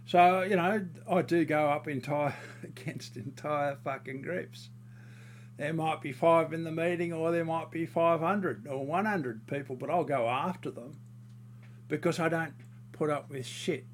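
A man's voice: fairly high pitch, fairly even intonation, measured pace, a little hiss or hum. A man in a casual monologue, ranting heatedly and crudely, rambling with fillers and restarts.

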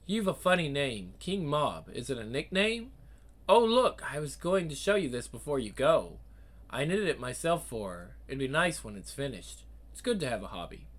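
A man voicing a gentle, chatty older woman nursing a baby, talking softly and unhurriedly in a comic reading. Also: medium pitch. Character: old woman, young mother, gentle chatty.

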